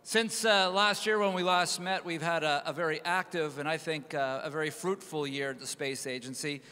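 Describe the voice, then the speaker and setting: Male agency head, high bright clear voice, emphatic keynote in an echoey hall. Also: fairly even intonation, normal speed. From Canada. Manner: upbeat, emphatic, frequent fillers. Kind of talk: conference speech. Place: large conference hall.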